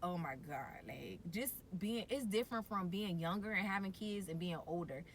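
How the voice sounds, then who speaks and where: A woman, casually and animatedly telling her birth story, jumping to a high excited voice when she quotes herself. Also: moderate pace, slight background noise.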